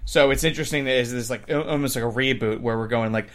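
A man's voice: medium pitch, quick pace. A man co-hosting a casual movie chat, joking in a rambling, hesitant way. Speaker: podcast co-host.

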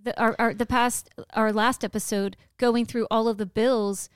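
Gushing woman podcast cohost, smooth clear voice, kinda high, lots of oh my god energy. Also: fairly even intonation, moderate pace, no echo, studio quality. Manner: warm, effusive, gasps and exclaims often. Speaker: podcast co-host. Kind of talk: casual chat.

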